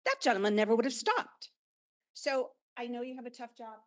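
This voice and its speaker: A woman's voice: on the high side, very animated, a little fast. Older lady at a town meeting, frustrated but polite, says sorry a lot. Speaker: resident giving public comment. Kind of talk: public comment at a town meeting.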